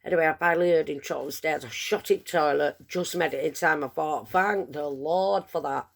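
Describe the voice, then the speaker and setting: A woman's voice: low-pitched, moderate pace, creaky. A woman chatting to camera, telling a long story in a rambling, self-mocking way. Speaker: vlogger. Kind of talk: casual storytelling.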